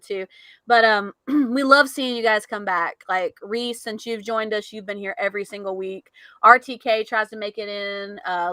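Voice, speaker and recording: A young woman co-hosting a casual podcast, chatty and quick to laugh, swearing offhandedly. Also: medium pitch, pushed and bright, no echo. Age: young adult. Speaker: podcast co-host. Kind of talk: casual live podcast chat.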